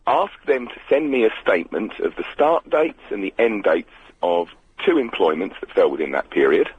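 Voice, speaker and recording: A man from Britain with a slightly croaky voice calling a radio show, explaining his case earnestly. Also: fairly low pitch, sing-song, normal speed, no room sound. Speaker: caller. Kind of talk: phone-in chat. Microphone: telephone. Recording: lo-fi phone line.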